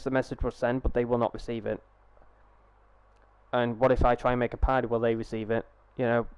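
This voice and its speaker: A man's voice: mid-range voice, darkish tone, smooth, no room sound, highs cut off. A young man chatting casually on a live gaming stream through a headset, rambling, swearing freely and restarting his sentences.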